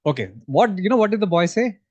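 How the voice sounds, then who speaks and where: A man's voice: high voice, big pitch swings, fast, a little mellow. A man giving a workshop talk to educators, asking the audience questions as he goes. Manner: engaging, asks the audience questions. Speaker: workshop speaker. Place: conference hall.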